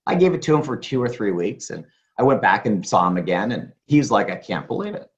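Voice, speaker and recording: A man delivers an energetic sales pitch at a middling pitch, hammering home the same claims again and again. He poses questions and answers them himself. The recording sounds dull and lo-fi. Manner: emphatic, repeats claims, asks and answers rhetorical questions. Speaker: presenter at a sales meeting.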